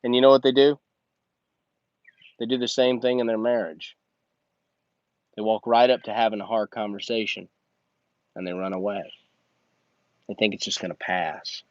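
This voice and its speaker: A man's voice: medium pitch, no room sound. A man hosting a blunt, emphatic motivational monologue, talking straight at the listener like a coach. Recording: dull lo-fi recording.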